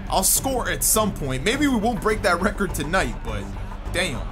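A man giving excited gameplay commentary as a gaming YouTuber, shouting and groaning at the game as it goes. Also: sits high, moderate pace. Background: game music and sounds.

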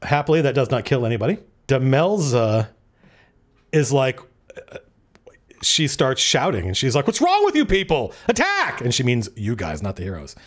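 A man running a tabletop game as game master, his voice swinging up and down with lively energy. He talks casually, swears freely and thinks out loud over the rules as he narrates the action. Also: medium pitch, normal speed, pauses often.

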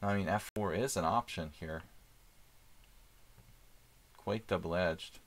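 A man streaming live chess, thinking aloud in casual commentary with many fillers and pauses. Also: low-pitched.

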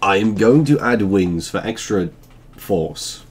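A man with a very deep voice trades teasing jokes with his co-host during a game stream. He talks slowly, and his pitch swings widely as he clowns around. Faint noise hums behind him. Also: animated, husky. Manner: joking, teasing banter. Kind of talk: casual gaming chat.

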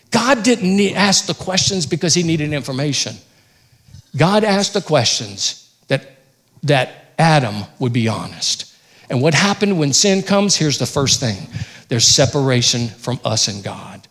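A man preaching a sermon in a church, rising loud on key points and dropping low and quiet. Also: big pitch swings, measured pace. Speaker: pastor.

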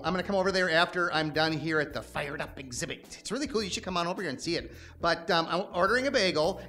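Guy playing a bouncy bunny puppet, giggly, trips over his words, high and bright. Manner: giggly, stammering, scatterbrained. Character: excitable bubbly male bunny puppet. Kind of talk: live puppet show for children.

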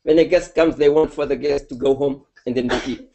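A man giving a sermon, telling a religious story in an animated, heartfelt way. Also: medium pitch, brisk, vocal fry, muffled recording, crowd noise. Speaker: preacher.

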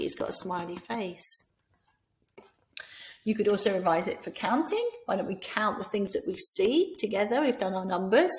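A woman with a Scottish accent gives practical teaching advice in an instructional tone. She often breaks into a bright, lively voice to act out talking with imagined children. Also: mid-range voice, normal speed. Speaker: teacher trainer. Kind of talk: instructional talk with classroom role-play.

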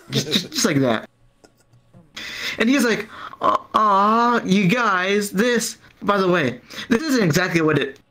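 On a comedy club stage at an open mic, a male stand-up comedian with a high, slightly bright voice rambles and stammers through a profane story, acting out the people in it. The audio quality is poor.

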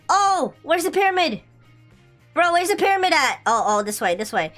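A young woman giving excitable, giggly commentary while playing a video game. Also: fairly high pitch, brisk, soft background music. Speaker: gaming channel host.

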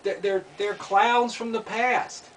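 Speaking slowly in a high voice with fairly even intonation, this male commentator gives his opinions, asks pointed rhetorical questions, and says things more than once. It's picked up on a distant mic with a little background noise.

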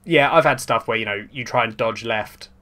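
A young man co-hosting a podcast, easygoing and calmly arguing back in casual chat. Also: mid-range voice, moderate pace. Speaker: podcast co-host.

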